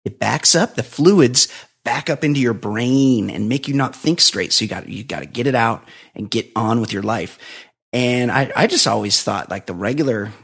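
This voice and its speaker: A man's voice: medium pitch, animated, normal speed, creaky, fairly bright tone, slightly rough. A man co-hosting a comedic podcast, rambling casually and laughing between lines. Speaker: podcast co-host.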